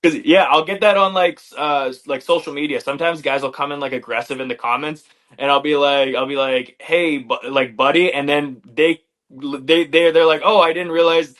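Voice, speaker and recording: A young man from Canada with a Canadian accent, a fighter answering interview questions in a relaxed, hesitant way. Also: a little high, brisk. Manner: relaxed, hesitant, many "like" fillers. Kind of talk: casual interview chat.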